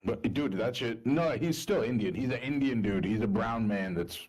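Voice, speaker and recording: A man co-hosting a casual podcast, talking in an animated way, swearing freely and laughing often. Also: mid-range voice, moderate pace, rough recording. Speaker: podcast co-host. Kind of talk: casual banter.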